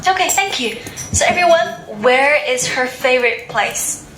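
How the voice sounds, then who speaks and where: A woman leads an English class in a high, clear voice. She briskly prompts pupils and drills their pronunciation. The room is echoey, with the murmur of many pupils behind her. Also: lively intonation, a loud crowd. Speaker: English teacher. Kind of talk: classroom teaching, asking questions. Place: school classroom full of students.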